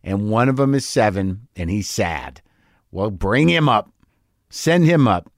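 A man's voice: lowish voice, animated, a little slow, no echo, clean studio sound. A man hosting a podcast, talking in a rambling, confessional, self-deprecating monologue that stammers and restarts when he gets worked up. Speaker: podcast host.

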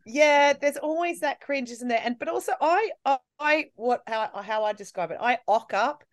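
A woman in her forties with an Australian accent softened by English tones, a podcast guest chatting candidly and mocking herself with frequent laughs. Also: sits high, lively intonation, normal speed, dry recording, studio quality. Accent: Australian with an English tinge. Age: 40s. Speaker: guest, comedian. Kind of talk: casual podcast chat.

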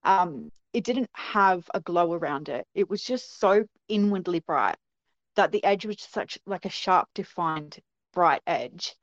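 A woman's voice: lowish voice, lively intonation, unhurried, dry recording, dull audio. A woman, recounting what she saw in a casual interview, earnest and hesitant with many ums. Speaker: guest recounting a sighting.

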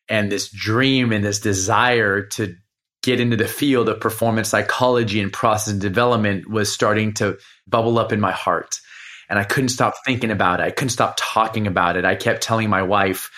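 A man's voice: fairly low pitch, fairly even intonation, moderate pace, pushed and bright. A man in his forties, a performance coach, earnestly telling a personal story as a podcast guest. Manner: earnest, heartfelt.

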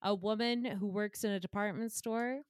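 A woman's voice: medium pitch, steady tone, normal speed, smooth, no room sound, clean studio sound. A woman co-hosting a comedy podcast, playfully evasive and bluffing in an improvised bit. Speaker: podcast co-host.

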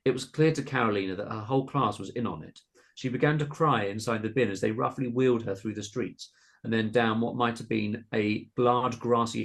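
A man's voice: lowish voice, creaky, fairly bright tone. A man co-hosting a comedy podcast, reading a horror short story aloud with polished, dramatic narration. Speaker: podcast co-host and story reader.

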